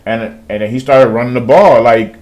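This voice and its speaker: A man's voice: medium pitch, normal speed, a little mellow. A man who trades stocks tells a story in a casual, profane way, slipping into quoted voices as he goes. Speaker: day trader.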